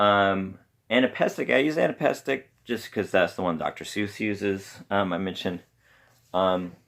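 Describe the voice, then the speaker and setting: Male podcast host, very low and gravelly, rambles through a casual talk at home. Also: a bit bright. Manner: rambling, halting with many pauses. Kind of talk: casual solo talk on poetry. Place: home room with pets around.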